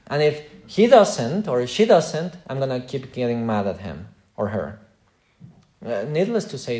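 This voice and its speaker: Man, pastor, sermon, mid-pitched voice, earnest, rhetorical questions, loud emphasis and quiet asides. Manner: preaching with wide swings between loud emphasis and quiet asides.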